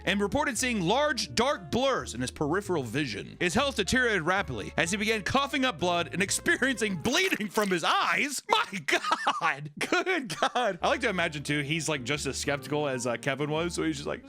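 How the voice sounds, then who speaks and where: Young male podcast host, comedic storyteller, swears freely, pitch leaps around, faint music underneath. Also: brisk, hardly any pauses. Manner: animated, joking, swears freely, acts out voices.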